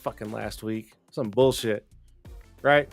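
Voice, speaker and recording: A man hosting a casual live-stream talk show, rambling and excitable, swearing freely. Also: fairly low pitch, takes it slowly, creaky, no room sound, soft background music. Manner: rambling, profane and excitable, with frequent restarts and laughs. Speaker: livestream talk show host.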